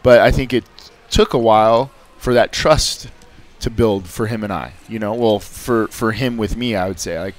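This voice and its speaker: Relaxed, casual man on the radio. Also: fairly low pitch, normal speed, few pauses. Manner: relaxed and casual, filler-heavy. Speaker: guest coach. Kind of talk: casual radio interview chat. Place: radio studio.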